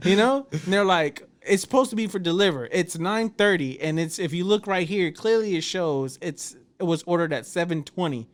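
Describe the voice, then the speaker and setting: A man's voice: high voice, a little fast, hardly any pauses. A man, co-hosting a casual podcast chat, telling stories with plenty of swearing. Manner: storytelling, swearing, laughs often. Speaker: podcast co-host.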